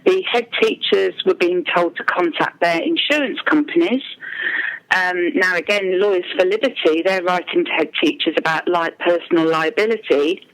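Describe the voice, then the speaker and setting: A woman's voice: fairly low pitch, normal speed, low-quality recording. A mother speaking as an interview guest, telling her account hesitantly with frequent ums and restarts. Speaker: parent speaking anonymously as a guest.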